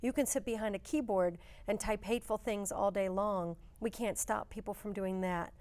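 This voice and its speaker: Casting: woman museum representative, composed interview guest, speaks in measured lists. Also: medium pitch, fairly even intonation, darkish tone. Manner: measured, list-like phrasing. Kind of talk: interview answers.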